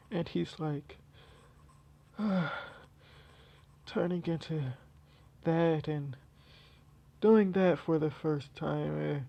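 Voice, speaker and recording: Slow, gravelly, rambling storyteller. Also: mid-range voice, darkish tone. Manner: rambling, many fillers and restarts. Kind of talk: casual fan story retelling.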